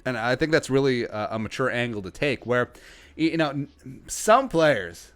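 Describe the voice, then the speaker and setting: A man's voice: medium pitch, expressive, moderate pace, a bit bright, clear, resonant tone, faint music behind. A man hosting a sports podcast, chatting casually with lots of fillers and restarts, with a Midwestern American accent. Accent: Upper Midwestern American. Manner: conversational, many fillers and restarts. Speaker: podcast host.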